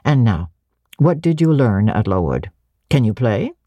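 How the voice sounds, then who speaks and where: A woman voicing a brusque, commanding middle-aged gentleman who questions curtly and gives orders. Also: very deep voice, sing-song, measured pace, dry recording, lo-fi sound, exaggerated voice. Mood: imperious. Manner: curt, imperious questioning.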